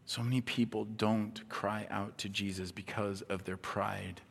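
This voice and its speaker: A man preaching a sermon as pastor, impassioned, swinging between hushed tones and near-shouting. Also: lowish voice, fairly even intonation, unhurried, gravelly, slightly rough. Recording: long hall reverb.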